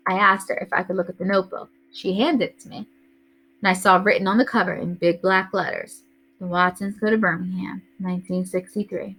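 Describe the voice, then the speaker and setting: A woman teacher reading a first-person novel aloud to a class in a steady storytelling way. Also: medium pitch.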